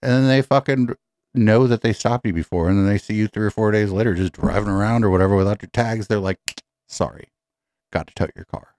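A man's voice: lowish voice, fast talker, darkish tone. A man commenting on a clip with sarcastic, profane, rambling talk. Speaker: podcast host reacting to a clip.

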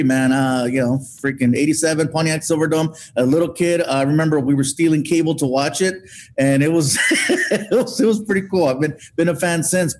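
A man telling an animated comic story as a guest, acting out what people said. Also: a little high, a little hiss or hum. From Mexican heritage. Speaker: guest comedian. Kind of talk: storytelling on a podcast.

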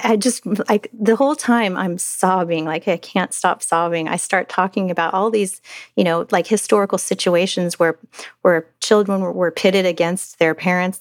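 A middle-aged woman telling a personal story as a mother in an interview, halting with many restarts and fillers. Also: lowish voice, dry recording, studio quality.

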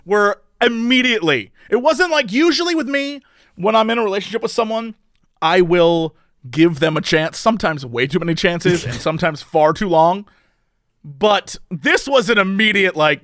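A man in his thirties, an animated podcast co-host, telling stories in casual chat with a lot of laughter. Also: high voice, moderate pace, no echo, clean studio sound.

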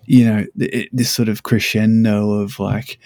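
A man's voice: on the low side, level tone, normal speed, a little mellow, no room sound. A man co-hosting a casual parenting chat, telling easygoing stories about his family. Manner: easygoing, storytelling, laughs between stories. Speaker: podcast co-host, father. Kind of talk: casual conversation.

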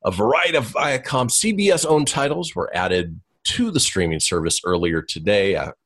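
A man's voice: fairly low pitch, animated, normal speed, a bit bright, husky. A man co-hosting a podcast, reading entertainment news and chatting casually, laughing often and tripping over names. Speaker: podcast co-host.

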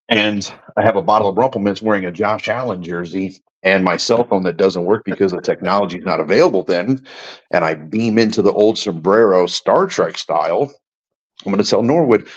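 Low-voiced man in his forties, muffled. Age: 40s. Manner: joking, storytelling. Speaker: podcast guest. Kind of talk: casual chat. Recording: muffled lo-fi remote audio.

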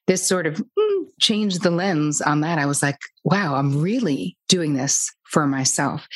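A woman guest talking about codependency in a blunt, lively, casual way, sometimes swearing lightly. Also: low voice, breathy edge. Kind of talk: casual storytelling interview.

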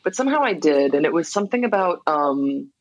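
A woman songwriter is talking candidly as an interview guest, reflective and full of "like" fillers. She has a gravelly edge of vocal fry. The recording is dry and close, with no room sound. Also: sits low, big pitch swings, fairly quick, no echo, lo-fi sound. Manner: reflective, filler-heavy, frequent laughs.

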